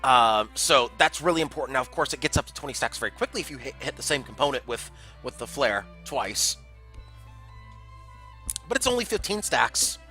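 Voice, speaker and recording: A man's voice: mid-range voice, very animated, normal speed, bright, forceful tone, soft background music. A man casting a community game tournament on a livestream, chatty and jokey, reading out chat messages. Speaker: tournament caster.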